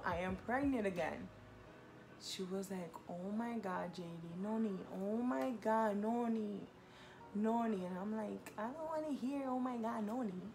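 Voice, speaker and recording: A young woman telling a personal story in a casual, animated way. She talks in slang, fills her talk with "like", and voices the people in the story. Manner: animated, quotes herself and others with rising pitch; heavy use of "like", slangy. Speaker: vlogger.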